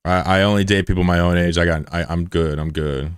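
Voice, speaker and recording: Low-voiced joking male streamer. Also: steady tone, fairly quick, smooth, no echo, studio quality. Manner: joking and profane, banters with chat. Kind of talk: casual live-stream chat.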